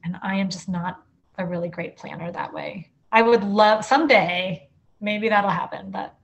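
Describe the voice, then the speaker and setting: Chatty woman author, animated and loose. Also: medium pitch, moderate pace, gravelly, slight background noise. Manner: chatty, full of "like" and restarts, animated. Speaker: author guest. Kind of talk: casual interview chat.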